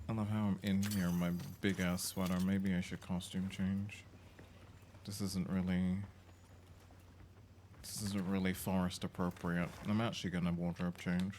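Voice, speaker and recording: Deep-voiced British man streaming a game. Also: flat delivery, normal speed, darkish tone, slight background noise. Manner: chatty, sweary, talks to his pet and viewers. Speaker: livestreamer. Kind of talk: casual chat while gaming.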